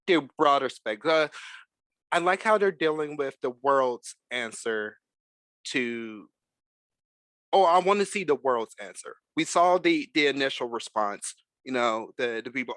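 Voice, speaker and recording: A man hosting a casual podcast chat, talking in an animated, emphatic way. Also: medium pitch, unhurried, no room sound. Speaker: podcast host.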